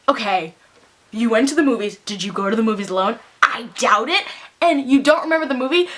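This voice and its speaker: A young woman with a high, bright voice chats straight to camera in a casual vlog. She tells her story with animation and acts out what others said in quick bits. Her delivery stays lively and conversational. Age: young adult. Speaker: vlogger.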